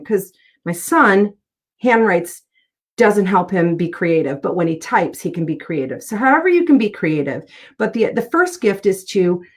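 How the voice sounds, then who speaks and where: Earnest middle-aged woman telling stories. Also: medium pitch. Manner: earnest, heartfelt storytelling. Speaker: interview guest, author. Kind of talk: casual conversational interview.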